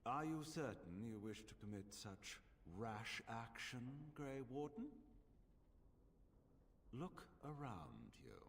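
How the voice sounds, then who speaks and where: Game villain: a patronizing slaver magister, swinging melody, long hall reverb. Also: male voice, medium pitch, sing-song, slow, a bit bright, slight background noise, heavily acted. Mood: scheming. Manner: smooth, haughty and patronizing. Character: condescending scheming male slaver magister. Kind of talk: video game dialogue.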